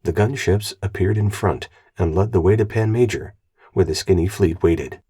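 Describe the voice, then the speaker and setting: A man reading an audiobook aloud in an even, measured narration. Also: sits low, breathy edge. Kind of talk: scripted narration.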